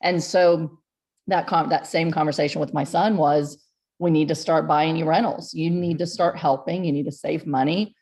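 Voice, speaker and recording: Low-voiced middle-aged woman chatting. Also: steady tone, normal speed, a little mellow. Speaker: guest. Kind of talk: casual conversation.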